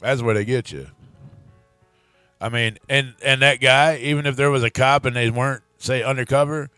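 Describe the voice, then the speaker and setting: Profane, animated man telling a story. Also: mid-range voice, moderate pace, clear, resonant tone, no echo, soft background music. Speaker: podcast co-host. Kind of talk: casual chat, storytelling.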